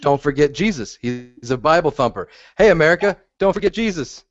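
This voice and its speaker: A man's voice: on the high side, lively intonation, brisk. A man co-hosting a podcast, arguing bluntly and emphatically in casual, profane chat. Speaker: podcast co-host. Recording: dull lo-fi audio.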